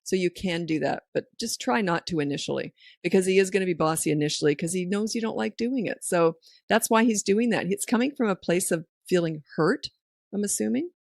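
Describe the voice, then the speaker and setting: This parenting podcast host, a middle-aged woman, has a lowish, gravelly voice and a brisk delivery. Her casual advice is practical and anecdotal, and she acts out people's words as she tells stories. The studio recording has no echo.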